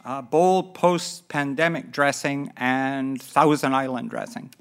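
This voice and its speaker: A woman comedian giving a dry, deliberate comic debate speech on a theatre stage. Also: very deep voice, fairly even intonation, smooth. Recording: live theatre, loud crowd, noise. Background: audience laughing.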